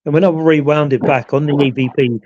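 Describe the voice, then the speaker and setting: A man's voice: a little high, steady tone, a little fast, darkish tone, dry recording, dull audio. A man, rambling through the story of a ghost hunt on a live chat show with a lot of "you know" asides. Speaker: ghost hunter, show regular. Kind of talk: casual live chat recounting an investigation.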